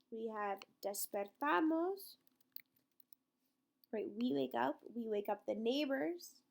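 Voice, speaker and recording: A woman teaching a Spanish grammar lesson, explaining step by step and slowing down to spell out each word, often checking in with "right?" and "okay?". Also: fairly high pitch, creaky.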